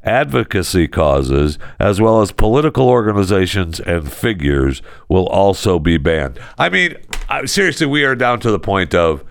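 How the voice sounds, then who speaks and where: Gravelly, sarcastic male talk host. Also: low voice, normal speed, no echo, studio quality. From United States. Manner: animated, sarcastic, exasperated. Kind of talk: casual ranting commentary.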